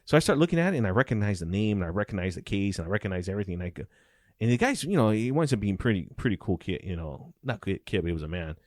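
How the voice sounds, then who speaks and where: Deep-voiced ex-cop telling profane stories. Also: male voice, rapid-fire, no echo, studio quality. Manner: animated, profane storyteller acting out dialogue. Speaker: former police officer. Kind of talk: casual storytelling interview.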